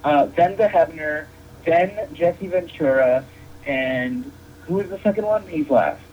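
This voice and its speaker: A man's voice: a little high, measured pace. A man guesting as a wrestling referee on a casual podcast, joking and rambling with many restarts. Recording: dull lo-fi sound with faint noise.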